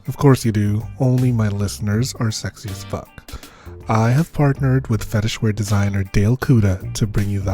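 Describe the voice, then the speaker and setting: A man's voice: medium pitch, warm tone. Campy, raunchy young male podcast host.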